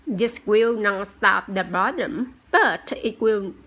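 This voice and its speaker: Woman playing a slow, patient teacher. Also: mid-range voice, fairly bright tone. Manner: slow, careful, explanatory reading. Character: patient female schoolteacher explaining to a pupil.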